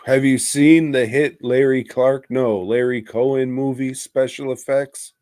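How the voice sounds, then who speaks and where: A man's voice: medium pitch, fairly even intonation, a little slow, mellow, dry recording. A man co-hosting a podcast, rambling through a casual movie review while drinking, swearing constantly and laughing mid-sentence. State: drinking, tipsy. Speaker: podcast co-host.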